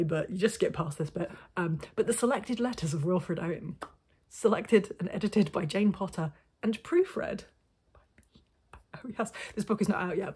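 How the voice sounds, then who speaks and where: A woman with a low, slightly husky voice talks casually to camera about her reading. She rambles a little, restarts her sentences and drops in self-deprecating asides. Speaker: book vlogger. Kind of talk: casual book chat to camera.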